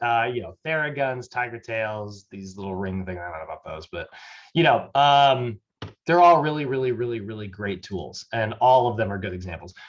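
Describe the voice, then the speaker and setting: A man's voice: fairly low pitch, dull audio. A man teaching a personal fitness training class, speaking in a loose, chatty way with lots of fillers. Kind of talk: casual recorded class lecture.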